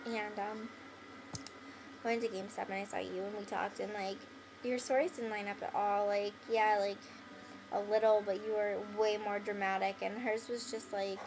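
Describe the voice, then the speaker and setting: A woman's voice: medium pitch, level tone, normal speed, noisy background. A young woman talking straight to camera in a rambling, filler-heavy way, with "like" in nearly every phrase, blunt and bitter toward the person she addresses. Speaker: vlogger addressing an ex-friend. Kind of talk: casual rambling monologue to camera.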